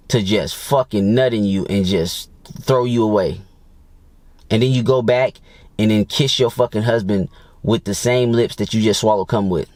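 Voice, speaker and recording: A man's voice: mid-range voice, a little mellow, no room sound. A man talking as a dating coach in a blunt, crude, casual monologue, full of swearing and fillers.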